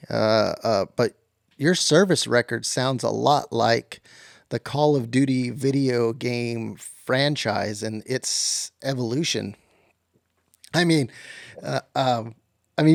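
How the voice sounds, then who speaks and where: A man hosting a podcast mock interview, asking questions in a hesitant, halting way. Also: medium pitch, vocal fry, no echo, clean studio sound. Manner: hesitant, halting, full of fillers. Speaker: podcast host.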